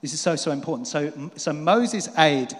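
A man preaching a sermon in a lively way, rising to emphatic peaks and dropping to quiet asides. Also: on the high side, normal speed. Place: church hall. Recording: long hall reverb.

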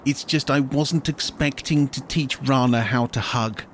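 A man's voice: mid-range voice, a little slow, slight background noise. A man playing in a tabletop role-play game, talking hesitantly with fillers and restarts. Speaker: player.

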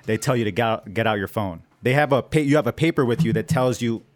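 A young man and army veteran telling stories in a casual podcast chat, fast and profane. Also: medium pitch, soft background music. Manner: fast, profane, animated storytelling.

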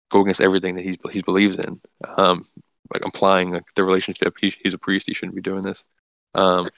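Man, very low voice, gravelly fry, dry close sound, rambling casual comic recap, lots of fillers. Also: fairly bright tone, no echo. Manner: rambling, full of "like" and restarts.

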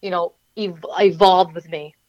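A woman's voice: fairly low pitch, fairly even intonation, measured pace, no room sound. Woman, New Jersey accent, rambling interview answers, dry close sound, a little dull and lo-fi. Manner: rambling, chatty, many fillers and restarts. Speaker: wrestler and manager.

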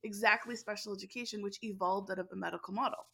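Woman, middle-aged, telling an animated story in an interview, bright clear voice, laughs a lot. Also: mid-range voice, fast talker, slight background noise. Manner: animated, laughs often, speeds up when excited. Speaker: education instructor, interview guest. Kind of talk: conversational storytelling.

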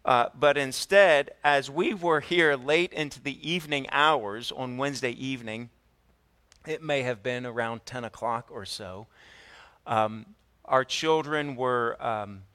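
A man preaching a sermon, telling a family story in an animated way and putting questions to the congregation. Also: mid-range voice, measured pace, clear, resonant tone. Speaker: pastor.

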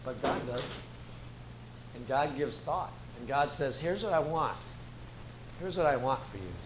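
A man preaching as a guest pastor, slow and emphatic, repeating key phrases for weight. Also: medium pitch, expressive. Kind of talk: sermon. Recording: echoey room with faint ambient noise.

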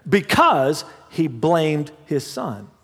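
A man preaching a sermon as pastor, mixing humorous family stories with hushed prayer. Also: a little high, big pitch swings, drawn-out words, breathy edge. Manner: dramatic swings from loud to hushed prayer; humorous storytelling with laughs. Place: church sanctuary. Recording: long hall reverb.

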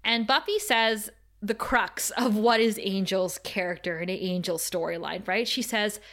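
A woman talking casually on a podcast, recapping a TV episode with lively energy. She reads the characters' lines aloud as she goes and breaks into laughs now and then. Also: medium pitch, measured pace. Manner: animated, retells scenes by reading quotes aloud, laughs often. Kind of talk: casual chat, reading out scene dialogue.

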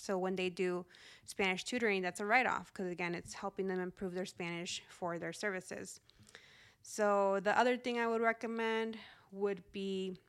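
A woman in her thirties talks casually on her solo podcast. Her pitch sits right in the middle, and she stays upbeat and chatty, laughing easily as she goes. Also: a bit bright, clear, resonant tone. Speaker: podcast host.

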